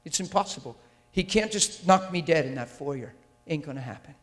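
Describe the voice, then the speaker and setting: Here a man with a voice on the high side and lively intonation preaches at normal speed. Intense and emphatic, he addresses a large church hall through a handheld or stand mic, often asking if the crowd follows him; the room's reverb is long.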